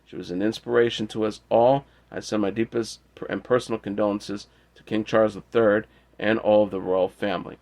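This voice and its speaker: A man hosting an entertainment news show, reading out tributes in a steady, measured way. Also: fairly low pitch. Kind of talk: reading news and quotes aloud.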